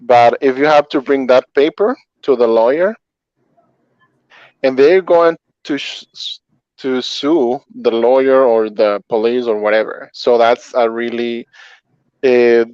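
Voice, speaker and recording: In a relaxed interview, a call center interpreter whose first language is Spanish answers by working through examples, chatting with plenty of filler words. He speaks unhurriedly in a medium-pitched, slightly mellow, clear and resonant voice, with no room sound, and the audio is dull, dry and muffled.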